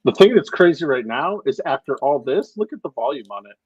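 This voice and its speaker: A man's voice: a little high, lively intonation, fairly quick, darkish tone, slightly rough, dry recording. A man co-hosting a casual livestream chat, talking in slang and swearing freely. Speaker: co-host. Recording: dull lo-fi dry sound.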